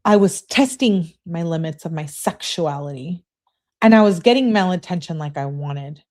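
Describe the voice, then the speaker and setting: A woman's voice: lowish voice, expressive, moderate pace, a little mellow, close to an everyday voice. A woman reading out the lines of a submissive young woman who pleads and apologizes. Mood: confessing.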